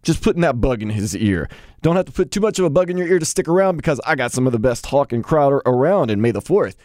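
A man's voice: medium pitch, expressive, quick pace, darkish tone, no room sound, clean studio sound. A man hosting a radio rewind show, chatting casually and rambling about his night out. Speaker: radio host.

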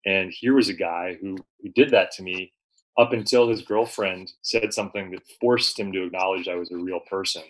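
A man, a journalist guest, recounting an experience in relaxed conversation with frequent fillers and restarts. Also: sits low, normal speed, poor audio. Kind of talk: conversational storytelling.

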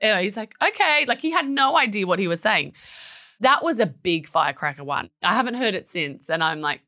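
Lively, bright-voiced woman. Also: mid-range voice, a little fast. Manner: animated storyteller, acts out her kids' voices. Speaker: podcast co-host. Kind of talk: casual chat.

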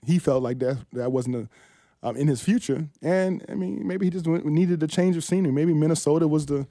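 A man who played linebacker, a guest on sports talk radio, talking in halting bursts with many restarts and fillers. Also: a little high, mellow, no room sound, clean studio sound. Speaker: former NFL linebacker, guest.

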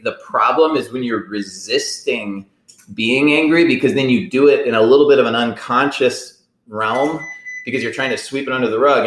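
A man's voice: mid-range voice, a bit bright, reverberant, poor audio. A man co-hosting a podcast, talking in a casual, rambling way and acting out inner voices. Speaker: podcast co-host. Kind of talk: casual conversation.

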